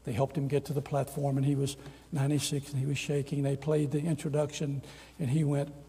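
A man's voice: medium pitch, a little fast, breathy edge. An older man preaching a storytelling sermon, acting out the voices in his stories. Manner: animated storyteller, acts out quoted voices. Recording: long reverb of a large hall.

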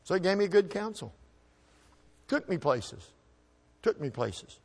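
A man telling a personal story to an audience at a microphone, in a folksy, halting way that often repeats words as he restarts. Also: high-pitched, sing-song, vocal fry.

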